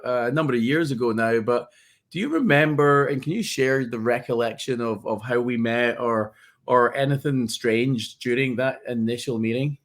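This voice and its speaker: A Scottish man hosts a podcast in a relaxed, conversational way. He sounds friendly and chatty, often restarting his sentences. His voice sits at an ordinary middle pitch. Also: moderate pace. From Scotland. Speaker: podcast host. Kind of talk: casual interview chat.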